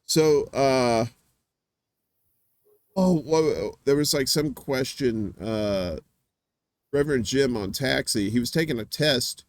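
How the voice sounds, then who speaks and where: A man hosting a casual live-stream chat, telling rambling stories full of filler words and dropping into quick voice impressions. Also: medium pitch, no room sound, clean studio sound. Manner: does quick voice impressions of others. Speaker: host.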